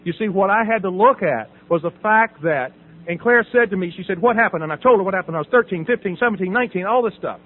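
A fast-talking, expressive man with a high-pitched voice tells his recovery story as personal testimony. Middle-aged and from the Southern United States, he acts out exchanges and laughs often, all over tinny, phone-like sound.

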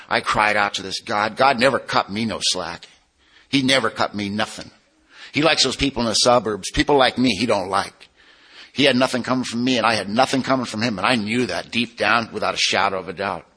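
Bright-voiced man sharing his testimony. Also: lowish voice. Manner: plainspoken, emotional storytelling. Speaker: recovery speaker. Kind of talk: personal testimony at a recovery meeting.

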